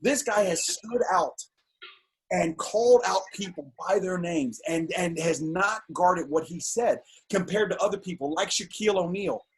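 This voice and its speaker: A middle-aged man, a filmmaker guest on an interview show, telling animated, indignant stories in casual talk. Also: high voice, normal speed, slightly rough. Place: home on a video call.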